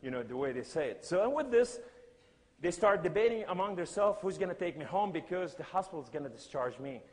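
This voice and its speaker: Guy preaching his testimony, kinda high voice, big dramatic storytelling, echoey hall. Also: lively intonation, brisk. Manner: dramatic storyteller acting out scenes. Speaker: speaker giving testimony. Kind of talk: sermon-style testimony.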